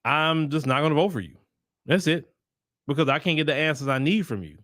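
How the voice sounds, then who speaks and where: A man's voice: a little high, lively intonation, brisk, fairly bright tone, dry recording. A man hosting a solo political commentary show, talking emphatically and firing off repeated rhetorical questions, with sarcastic asides while browsing websites on screen.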